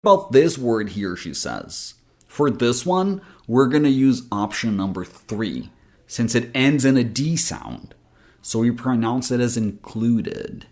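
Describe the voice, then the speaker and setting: A male accent coach talks through a pronunciation lesson, unhurried and deliberate. He lays out rules one at a time and says example words aloud. His pitch sits at an ordinary middle level. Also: expressive, darkish tone. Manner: slow, careful explanation with spoken examples.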